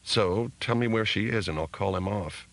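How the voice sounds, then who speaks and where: A man voicing a tense hacker who speaks in terse, urgent bursts. His voice stays very low and deep, in an audiobook reading. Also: moderate pace, gravelly, fairly bright tone, poor audio. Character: tense male hacker on a phone.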